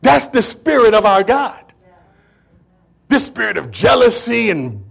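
A man's voice: extremely high pitch, big pitch swings, a little slow, creaky, pauses often, husky. A man preaching a sermon in an emphatic, repetitive way, with conversational, streetwise phrasing.

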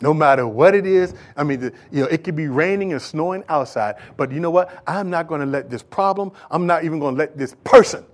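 High-voiced preacher man building to shouts. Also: a little fast, few pauses. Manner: swings from quiet talk to loud shouting preaching; casual folksy asides. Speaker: pastor. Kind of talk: sermon.

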